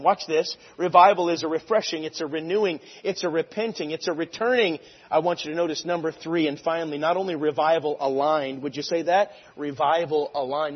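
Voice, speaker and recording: A preacher with a slightly high, husky voice works the congregation, dropping into easy asides and then rising to booming, stretched-out shouts. The recording is muffled and lo-fi. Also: male voice, big-room sound. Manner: swings from conversational asides to loud shouted scripture. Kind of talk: sermon.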